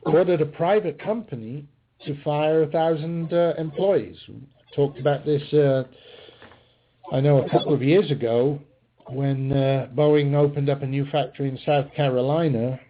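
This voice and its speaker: A man's voice: a little high, steady tone, moderate pace. Man, podcast host, sarcastic political commentary, lots of uh's, phone-like sound. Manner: combative, sarcastic, with frequent fillers. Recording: tinny phone-line sound with faint hiss.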